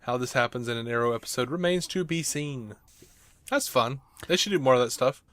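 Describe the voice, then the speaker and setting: A man's voice: medium pitch, lively intonation, a little fast, fairly bright tone, no echo. Podcast guy reading news bits, laughs a lot, mid voice, dry mic. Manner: reads quotes then jokes and laughs easily.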